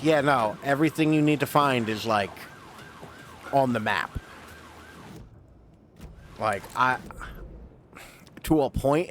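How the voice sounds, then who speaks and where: A man's voice: medium pitch, a bit bright, a little hiss or hum. A man streaming a video game, chatting casually to viewers, rambling and self-deprecating with casual swearing. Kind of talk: casual let's-play commentary.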